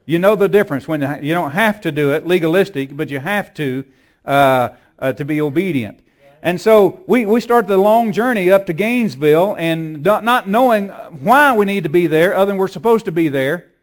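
A man's voice: high voice, animated, normal speed. A man preaching a sermon, telling a story with repeated words and rising, emphatic peaks. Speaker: pastor.

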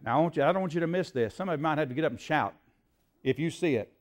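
An older man preaching a sermon to a church congregation, asking the crowd questions and building to loud shouts. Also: a little high, lively intonation, rapid-fire. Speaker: pastor. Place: church sanctuary.

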